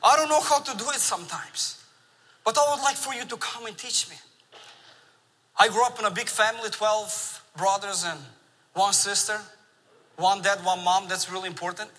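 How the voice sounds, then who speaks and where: Bright-voiced man preaching in a hall. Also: sits high, moderate pace. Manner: animated storytelling with laughs. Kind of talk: sermon. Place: large church sanctuary. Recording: long reverb of a large church hall.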